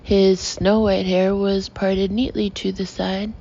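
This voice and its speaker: A woman narrating an audiobook in a steady, even reading manner. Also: medium pitch, takes it slowly, gravelly, lo-fi sound.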